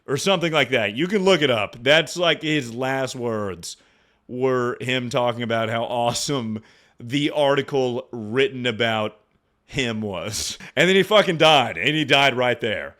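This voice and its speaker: A young man streaming, rambling and joking with lots of swearing and quick impressions. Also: medium pitch, lively intonation, fairly bright tone. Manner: rambling, profane, jokey, often slips into impressions. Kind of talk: casual livestream commentary.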